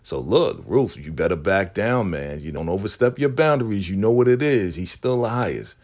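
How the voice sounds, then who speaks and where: A man's voice: deep voice, animated, moderate pace, darkish tone. A man casually recapping a TV episode, telling the story with street slang and acting out the characters. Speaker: TV recap vlogger.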